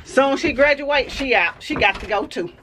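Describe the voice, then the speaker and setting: A woman's voice: high-pitched, expressive, normal speed, background noise. A middle-aged woman joking teasingly with her daughter while helping her move into a house. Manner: teasing, joyful, praises God. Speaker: vlogger's mother. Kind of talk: casual family banter. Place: house, indoors.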